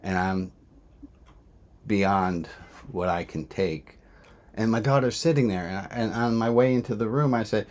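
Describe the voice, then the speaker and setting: A man's voice: on the low side, unhurried, pauses often, a little mellow. A man who is a rabbi, telling a candid personal story in a self-reflective way, often restarting his sentences.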